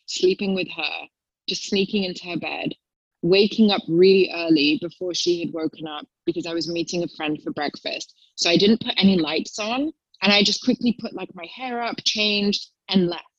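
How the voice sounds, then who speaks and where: A young woman appears as a guest in a casual chat, speaking at normal speed on a lo-fi recording with no room sound. She's a chatty storyteller who acts out quotes in a raised, high voice.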